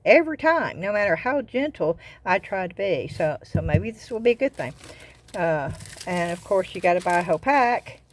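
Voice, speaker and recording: Chatty older Southern woman, lowish voice. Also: animated, moderate pace. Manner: chatty, rambling, repeats words. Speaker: craft vlogger. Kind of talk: casual chat.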